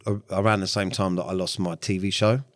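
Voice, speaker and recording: A man talks candidly as a guest. His voice sits very low and is recorded dry and close. He speaks bluntly, swears freely and often breaks off to restart a sentence. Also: little pitch movement, brisk, no room sound. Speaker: podcast guest. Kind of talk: candid interview talk.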